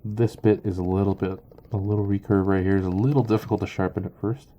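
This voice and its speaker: A man giving a casual product review, halting and full of ums and uhs. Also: low voice, fairly even intonation, warm tone, lo-fi sound. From Canada. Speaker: knife reviewer.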